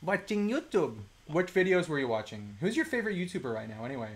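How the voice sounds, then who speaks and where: A live-stream host talking casually about toy collecting at a home desk mic, chatty, mildly profane and quick to laugh. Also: medium pitch, big pitch swings. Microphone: desk microphone.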